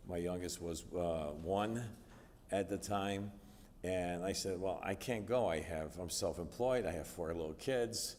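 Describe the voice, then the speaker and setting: A man's voice: deep voice, a little mellow. A middle-aged man from the United States giving a personal testimony sermon in a church, telling his story conversationally with frequent fillers. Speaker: guest speaker. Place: church sanctuary. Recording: distant reverberant church hall.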